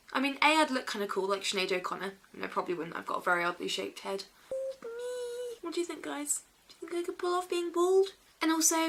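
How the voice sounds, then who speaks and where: A woman vlogging casually, playful and silly, swinging between dry asides and excited bursts. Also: mid-range voice. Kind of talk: casual vlog chat.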